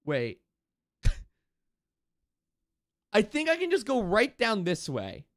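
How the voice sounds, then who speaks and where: A man commenting on a video game live as he plays it. He talks slowly and repeats himself, and his pitch swings widely up and down with sudden excited bursts. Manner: thinks aloud, repeats himself, excited outbursts. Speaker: streamer.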